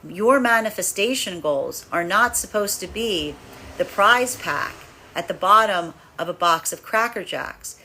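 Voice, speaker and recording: Bright-voiced woman giving a tarot reading. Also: medium pitch, a little slow, slight background noise. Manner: rambling and animated, acts out inner voices with laughs. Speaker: tarot reader. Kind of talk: spiritual energy reading, monologue.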